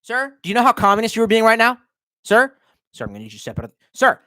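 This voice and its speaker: A man putting on the voice of a pushy male traffic cop, barking and shouting repeated orders. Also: sits high, sing-song, fast, dry recording, studio quality, pitched above the performer's own voice, heavily acted. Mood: bossy.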